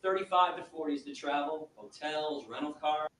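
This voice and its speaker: A man from Michigan giving an impassioned speech to an audience and taking questions, telling his story in a fast, emphatic, animated way. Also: a little high. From Michigan, USA. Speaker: activist lecturer. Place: lecture room with audience. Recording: echoey room, distant mic, faint hiss.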